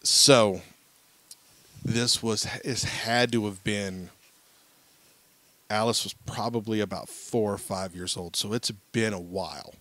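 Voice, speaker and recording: A man with a lower-pitched voice, co-hosting a casual podcast in his thirties. He tells a family anecdote with lively acted-out quotes. The sound is dry and close. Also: takes it slowly, pauses often, no room sound. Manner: animated storyteller acting out quotes. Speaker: podcast co-host. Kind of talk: casual chat, storytelling.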